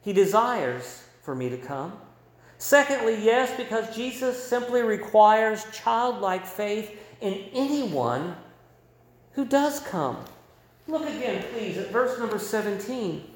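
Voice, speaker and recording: A male pastor preaching a sermon in a church, telling a story and moving between loud and hushed delivery. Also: high-pitched, very animated, takes it slowly. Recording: roomy echo.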